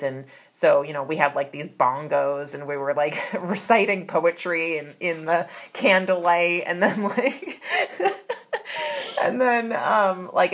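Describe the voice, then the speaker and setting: Reminiscing about her younger years, a Massachusetts woman talks in a relaxed, chatty style full of fillers and restarts. She has a low, fairly bright voice.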